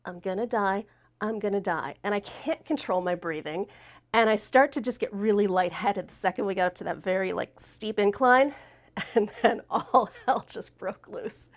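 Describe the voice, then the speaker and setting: A woman hosting a talk show, telling a personal story in a lively way and acting out the voices of the people in it. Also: mid-range voice. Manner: animated, acts out quoted voices. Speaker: host.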